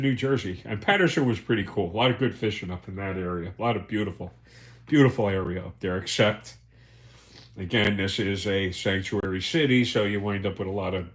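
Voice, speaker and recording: A man hosting a livestream, telling rambling, profane anecdotes and chuckling as he goes. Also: fairly low pitch. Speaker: livestream host. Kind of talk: casual storytelling.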